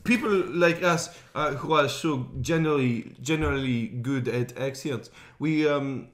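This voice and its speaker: A man's voice: mid-range voice, measured pace. A man co-hosting a podcast in casual chat, joking, swearing and slipping into mock accents. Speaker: podcast co-host.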